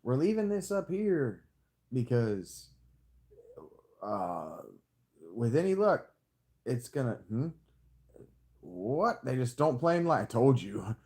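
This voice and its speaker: A male streamer talks through his strategy game in a loose, joking ramble. His pitch swings widely, from low mutters to sudden squeaky jumps. He slips into a hammed-up hick drawl as he goes. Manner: rambling, jokey self-talk with sudden high squeaks; playfully hamming a hick drawl. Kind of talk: casual live-stream commentary.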